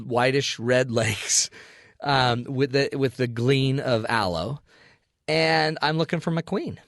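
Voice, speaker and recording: A man's voice: medium pitch, no echo, clean studio sound. A man hosting a radio show, telling a comic story and acting out the voices in it. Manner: animated, acts out quoted voices. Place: radio studio. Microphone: studio mic.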